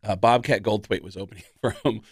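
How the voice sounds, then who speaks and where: A man's voice: on the low side, fast, creaky, husky, no room sound. A man who is a guest comedian, telling stories on a radio show and acting out the people he quotes. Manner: animated storyteller who acts out quotes.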